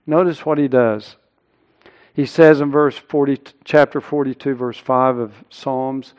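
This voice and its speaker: A middle-aged male pastor preaching a sermon, earnest, rising loud and high when he quotes scripture. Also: fairly even intonation, unhurried, clear, resonant tone.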